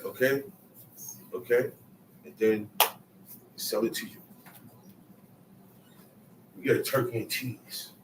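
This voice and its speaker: A man leads a small-group Bible study slowly, in a steady, medium-pitched voice with long pauses. Even so, he's emphatic, acting out quotes and calling on listeners as he preaches, heard via a distant mic in an echoey room with faint noise.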